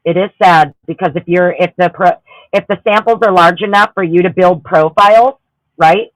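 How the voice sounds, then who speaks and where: A woman's voice: lowish voice, moderate pace, no echo, poor audio. A woman hosting a livestream, ranting heatedly and with lots of swearing while greeting her chatters. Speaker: livestream host. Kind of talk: profane ranting livestream chat.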